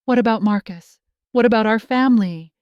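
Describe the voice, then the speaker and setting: A woman voicing an angry adult daughter who shouts and then pleads, in scripted storytelling narration. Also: a little high, a little fast, no room sound, muffled recording, natural voice. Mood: pleading.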